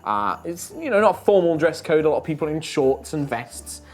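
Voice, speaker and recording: A man's voice: a little high, very animated, brisk, faint music behind. A man narrating a tabletop game as game master, loose and full of fillers.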